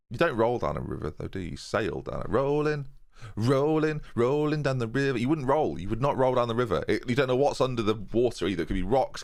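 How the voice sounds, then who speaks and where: A young man commentating on his own football-management game, chatting casually and joking to his viewers in rambling asides. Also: on the low side. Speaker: gaming YouTuber. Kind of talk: casual let's-play commentary. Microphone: USB desk microphone.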